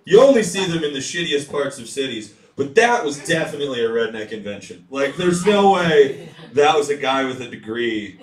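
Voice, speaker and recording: A man's voice: mid-range voice, very animated, moderate pace, recorded from a distance. A man performing a stand-up set, telling rambling, profane stories and talking to the crowd. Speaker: stand-up comedian. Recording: echoey room picked up from afar with loud crowd.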